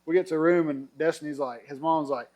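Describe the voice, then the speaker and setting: A man's voice: a little high, fast talker. A middle-aged man, casually telling a long story over drinks, acting out quotes and laughing often. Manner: animated storyteller, acts out quotes, laughs a lot. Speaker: podcast guest telling a story.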